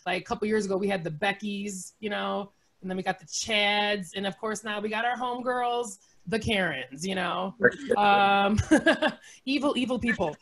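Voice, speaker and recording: A woman in her forties doing a sarcastic, animated stand-up comedy set, laughing often between jokes. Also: mid-range voice, normal speed. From United States. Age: 40s.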